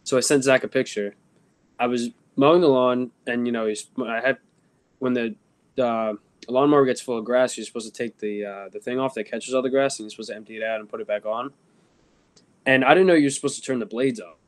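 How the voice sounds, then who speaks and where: A man's voice: medium pitch, steady tone, brisk. A young man co-hosting a podcast, chatty and casual, restarting his sentences as he tells a story. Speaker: podcast co-host. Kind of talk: casual chat.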